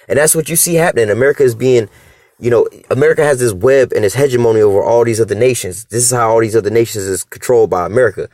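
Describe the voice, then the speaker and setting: A man giving casual, heated commentary in street slang, swinging between calm explanation and animated emphasis, with many fillers and restarts. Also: racing, dry recording, clean studio sound. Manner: animated, profane street slang, acts out dialogue; restarts and fillers, rising pitch when emphatic. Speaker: religious commentator.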